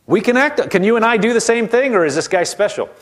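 A man preaching a sermon in a conversational way, slowing down to stretch key words and dropping into hushed voices to mimic doubters. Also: sits high, animated.

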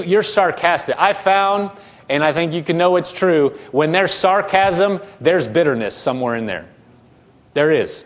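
A male pastor preaching a sermon, asking his congregation questions and repeating words as he goes. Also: on the high side.

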